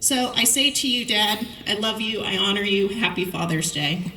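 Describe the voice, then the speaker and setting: A middle-aged woman giving a commencement speech, telling lively anecdotes and acting out the lines of people in her stories. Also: medium pitch, moderate pace, very noisy. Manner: storytelling, lively anecdotes with quoted dialogue. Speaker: commencement speaker. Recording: echoey hall, voice from far off.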